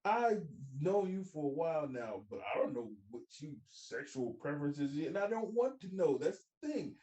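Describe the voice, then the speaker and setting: A man's voice: a little high, big pitch swings, normal speed, dark tone, reverberant, rough recording. A young man hosting a podcast, talking bluntly and profanely in casual banter and laughing as he talks. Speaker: podcast host.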